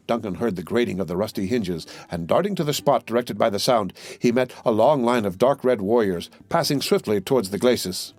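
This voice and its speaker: A man's voice: lowish voice, animated, a little fast, hardly any pauses, darkish tone, no echo. Man narrating a classic novel. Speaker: audiobook narrator. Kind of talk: scripted narration.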